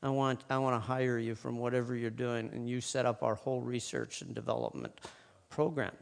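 A man quoting a calm, businesslike company founder in a slightly lower, quieter voice than his own. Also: fairly quick, vocal fry. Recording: long hall reverb.

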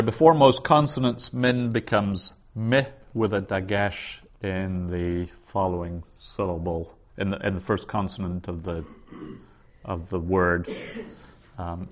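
This Hebrew grammar teacher has a deep voice. Seated with his class around a table, he explains things patiently and pronounces words slowly, captured in dull audio.

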